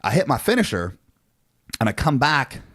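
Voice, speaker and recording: A man in his forties, co-hosting a podcast, telling a story in a casual, animated way with lots of swearing and fillers. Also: medium pitch, normal speed, slightly rough, dry recording, studio quality. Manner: animated, profane, frequent fillers. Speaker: podcast co-host.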